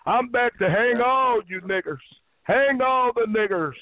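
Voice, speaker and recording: High-voiced man sneering over a phone line. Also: a little slow, no echo. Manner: taunting, sneering, relentlessly abusive. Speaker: radio show host making prank calls. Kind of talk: prank phone call rant. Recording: phone-like line with faint music.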